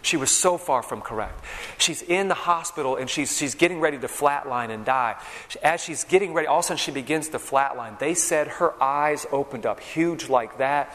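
A man's voice: a little high, moderate pace, fairly bright tone. A man preaching a sermon, telling vivid stories and checking in with the crowd with "okay?" and "all right?". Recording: long reverb in a large hall.

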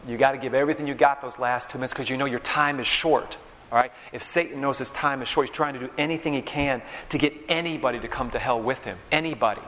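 A man preaching a sermon in a large hall, his voice trailing off in long reverb. He tells stories with urgency and keeps checking in with his listeners, asking "okay?" and "all right?". His pitch sits in an ordinary middle range. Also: a bit bright. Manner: storytelling, addresses crowd with frequent "okay?" and "all right?".

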